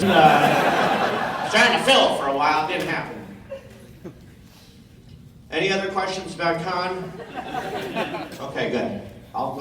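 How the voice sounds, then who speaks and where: A man jokes with a convention crowd, teasing and swearing in a sarcastic, rambling way. His voice sits a little high. It is recorded from across a big echoing hall, with steady noise underneath. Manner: sarcastic, teasing, profane riffing. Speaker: comedic voice actor on a convention panel. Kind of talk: improvised audience banter. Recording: echoey hall, distant mic, noisy.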